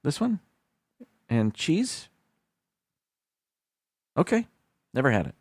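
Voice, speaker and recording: Male streamer host, casual list-reading, lively up-and-down delivery, dry close mic, trips over words. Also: on the high side, breathy edge, no room sound. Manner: reads haltingly, stumbles over foreign words, self-deprecating asides. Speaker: livestream host.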